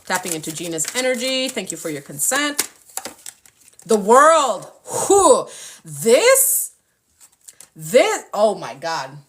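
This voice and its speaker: A woman's voice: mid-range voice, sing-song, slow, long pauses, noisy background. A young adult woman hosting a spiritual live stream with tarot readings, talking passionately and casually, swearing often and acting out playful impressions.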